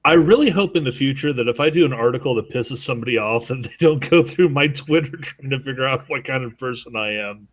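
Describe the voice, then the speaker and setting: A man co-hosting a casual podcast chat, wry and quick to mock. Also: medium pitch, lively intonation.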